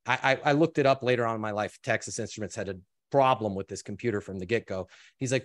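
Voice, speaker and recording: A man telling a personal story in an interview, with an animated delivery, quoting others and often restarting his sentences. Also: lowish voice, fast talker. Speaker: interview guest. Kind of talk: storytelling in conversation.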